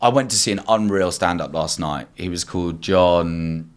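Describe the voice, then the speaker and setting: Young man, eager and rambling, lowish voice, conversational podcast guest. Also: moderate pace. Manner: enthusiastic, rambling, many fillers. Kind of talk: casual chat.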